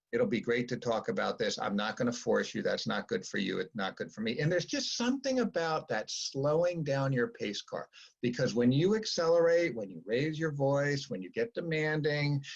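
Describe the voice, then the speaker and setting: A middle-aged man lectures parents in a relaxed, coaching way, and his voice jumps up when he acts out what parents and children say. His voice is a little husky and breathy. The sound is dull and lo-fi, like a video call. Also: mid-range voice. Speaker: psychologist giving a parent talk.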